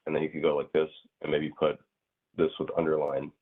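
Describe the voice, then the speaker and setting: A very low, husky-voiced man teaches grammar over a thin, phone-like connection. He rambles through his points with plenty of fillers and acts out little everyday scenes to make them clear. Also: monotone, a little fast. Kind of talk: casual online class explanation. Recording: tinny phone-like audio.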